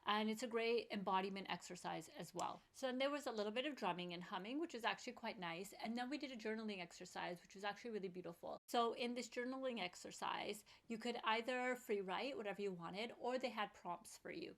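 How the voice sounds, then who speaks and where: A woman speaks to camera in a personal vlog, telling her story with earnest, heartfelt openness. Her voice sits at a mid pitch, and her talk is casual and full of "like". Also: quick pace, hardly any pauses. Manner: earnest, open-hearted and chatty, with lots of "like". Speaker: vlogger.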